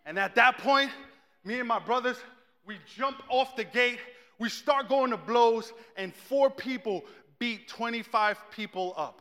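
A man telling a personal story in a sermon, animated and joking, acting out the people in it. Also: very high-pitched, measured pace. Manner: animated, humorous, acts out the people he quotes. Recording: long reverb in a large hall.

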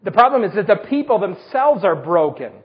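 A man preaching a sermon, telling personal stories with self-deprecating humor in a husky voice. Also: high voice, sing-song, fairly quick, lo-fi sound. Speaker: pastor.

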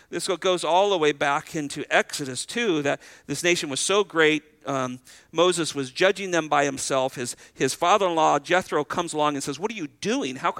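A man's voice: fairly high pitch, bright, forceful tone, no room sound. A middle-aged man preaching a sermon as pastor, conversational, asking the congregation rhetorical questions and acting out short exchanges.

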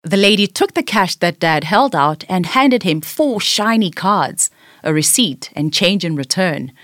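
Expressive woman reading a children's story. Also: on the low side, measured pace, no echo, studio quality. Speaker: storybook narrator.

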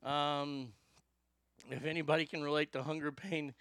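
Southern man, casual commentary host, profane rambling, stammers, slightly high voice. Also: level tone, normal speed, a bit bright, clean tone, dry recording, studio quality.

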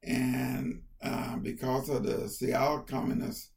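An older man, a county councilmember, telling personal stories in an interview, animated and acting out family quotes. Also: medium pitch, slow, gravelly. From United States. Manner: animated, lively storyteller who acts out family quotes. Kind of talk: conversational storytelling.

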